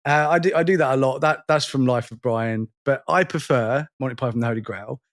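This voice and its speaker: In a brisk, mid-range voice, this podcast co-host in his forties keeps things casual. His chat wanders, pokes fun at himself, and keeps circling back to restart sentences.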